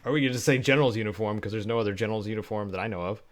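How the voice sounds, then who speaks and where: A man's voice: on the low side, very fast. A man live-streaming, chatting casually and laughing often as he talks to viewers while editing. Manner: chatty, giggly, talks to chat while working.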